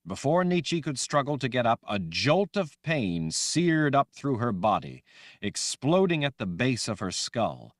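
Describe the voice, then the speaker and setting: A man reading a fantasy audiobook aloud in a dramatic, expressive way. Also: mid-range voice, unhurried, dry recording, studio quality. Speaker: audiobook narrator. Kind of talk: scripted fantasy audiobook narration.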